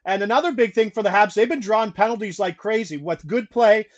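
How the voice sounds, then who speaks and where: High-voiced man rattling off betting odds. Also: muffled recording. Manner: brisk, rattles off stats and odds, laughs mid-sentence. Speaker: host, betting analyst. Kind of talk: casual sports betting chat.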